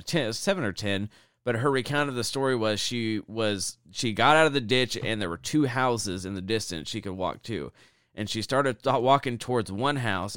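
Low and smooth with a bit of brightness, this podcast co-host's voice wanders through casual conversation with many fillers and restarts. It's clean, studio-quality sound with no room audible.

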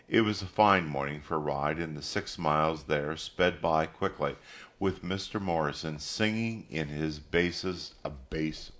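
A man narrating a story as an audiobook, measured and steady. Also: a bass voice.

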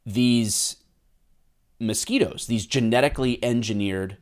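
A man's voice: medium pitch, measured pace. A man in his thirties co-hosting a casual podcast chat, joking and rambling, often breaking into laughter. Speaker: podcast co-host.

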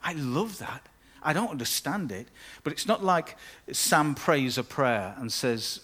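Conversational preacher. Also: male voice, on the high side, expressive, unhurried, pushed and bright. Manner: conversational, with playful asides. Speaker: pastor. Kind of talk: sermon.

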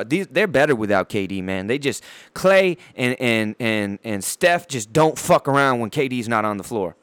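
In a mid-range, fairly bright voice, a male podcast host rants profanely about basketball, stumbling over his words as he bounces around, handheld mic in hand, all excited. The recording is dry.

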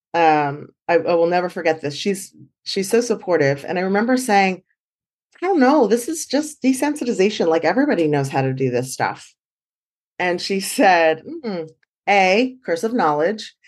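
A woman guest, a dog trainer, telling her story in an animated way and acting out quoted dialogue. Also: lowish voice. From San Francisco Bay Area. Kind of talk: conversational storytelling.

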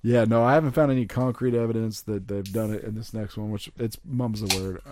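A man's voice: on the low side, fairly even intonation, brisk, darkish tone, no room sound. A man co-hosting a casual podcast with friends, joking around and laughing often. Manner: playful, laughing, jokey asides. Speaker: podcast co-host. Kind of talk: casual chat. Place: home studio with friends. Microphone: podcast mic on a stand.

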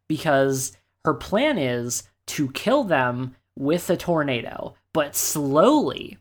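A woman's voice: deep voice, sing-song, slow. A woman co-hosting a casual podcast about a video game, talking animatedly, laughing often and acting out characters. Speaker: podcast co-host. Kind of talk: casual game discussion chat.

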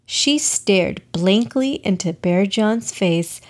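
A woman narrating a children's storybook in a calm, measured way. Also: medium pitch.

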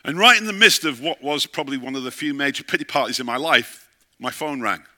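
A man's voice: medium pitch, brisk, pushed and bright. A middle-aged man, a pastor, preaching a sermon and telling a story, often asking his listeners questions.

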